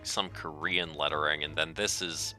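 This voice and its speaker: A man's voice: rumbling low, steady tone, normal speed, sharp tone, soft background music. A man streaming live, reading a game aloud in a casual, stumbling way. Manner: casual, stumbling over his words.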